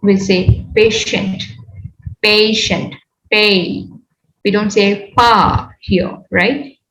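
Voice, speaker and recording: A woman with an Indian English accent teaching a phonetics class, drilling words slowly and repeating each one for her students. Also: mid-range voice, level tone, a bit bright, reverberant, a little hiss or hum, low-quality recording. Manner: slow, deliberate, repeats words for pronunciation drills. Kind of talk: online phonetics lecture.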